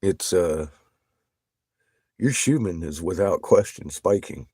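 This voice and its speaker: A lower-pitched man talking to his stream viewers, swinging his voice up and down with a lot of energy. He swears freely and keeps breaking into laughter. The sound is dry and close, with no room echo. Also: takes it slowly, slightly rough. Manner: profane, excitable, laughs often. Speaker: livestreamer. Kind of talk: casual livestream chat with viewers.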